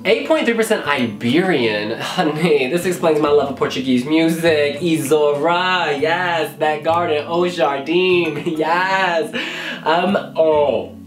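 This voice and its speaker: An American man, a blogger, reacting in a casual vlog with animated exclamations and calling the viewer honey. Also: on the high side, slow pace. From United States. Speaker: Eurovision blogger. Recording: roomy echo with faint music.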